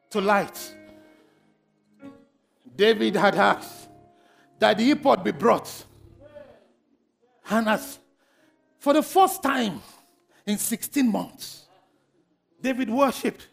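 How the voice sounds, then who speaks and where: A man preaching a sermon with fervent repetition, building up to shouted blessings. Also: sits high, takes it slowly, gravelly, long pauses, faint music behind.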